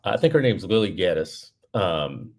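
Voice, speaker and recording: A man's voice: sits low, big pitch swings, unhurried, a little mellow. A man co-hosting a podcast, telling a story in casual commentary and getting heated and emphatic as he goes. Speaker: podcast co-host.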